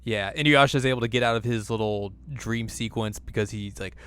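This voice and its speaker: A man's voice: fairly low pitch, brisk, a bit bright, clean tone. A man co-hosting a casual recap chat, joking around and putting on silly voices as he retells scenes. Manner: playful, puts on silly voices while recapping. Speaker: podcast co-host.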